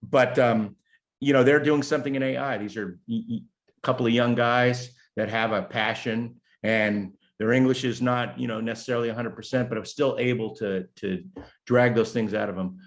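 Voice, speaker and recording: Middle-aged American man, guest strategist, animated, joking, loose filler-heavy chat. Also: mid-range voice, normal speed. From United States. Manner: animated, jokey, many fillers and restarts. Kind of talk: casual interview chat.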